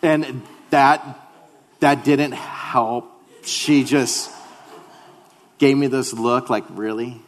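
A man's voice: medium pitch, steady tone, very slow, long pauses, in a large hall. A male pastor giving a sermon, telling a personal story in a humorous, conversational way.

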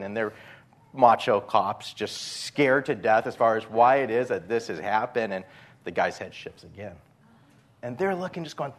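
A man's voice: mid-range voice, expressive, normal speed. Storytelling male pastor preaching. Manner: conversational storytelling with acted-out quotes. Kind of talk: sermon.

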